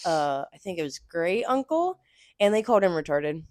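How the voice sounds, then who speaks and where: A young woman co-hosting a casual chat show, telling animated stories about her work as a cashier. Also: moderate pace, no room sound, clean studio sound. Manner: animated storytelling, acts out customers in high voices. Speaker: podcast co-host.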